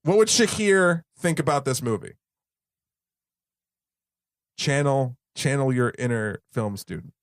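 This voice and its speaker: A man's voice: medium pitch, animated, measured pace, pauses often, dry recording, clean studio sound. A man hosting a casual movie podcast, rambling through jokey tangents and swearing freely. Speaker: podcast host.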